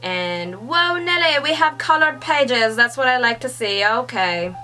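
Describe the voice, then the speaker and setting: A young woman reading a manga chapter aloud and reacting with gushing excitement, swearing and laughing often. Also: a little high, measured pace, soft background music. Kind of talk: excited read-along reaction.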